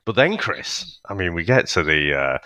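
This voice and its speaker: A man with a fairly low voice talks through his thoughts slowly, hedging, sighing and restarting his sentences. The sound is dry and close to the mic. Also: sing-song, sharp tone, no echo. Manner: halting, hedging, with sighs and restarts. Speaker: podcast co-host reviewing films. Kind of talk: casual chat.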